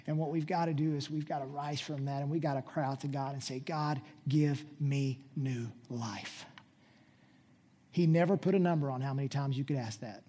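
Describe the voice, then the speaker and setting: A man preaching a sermon as pastor, reading scripture quietly and then rising to loud, urgent exhortation. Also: on the high side, steady tone, quick pace, few pauses, slightly rough.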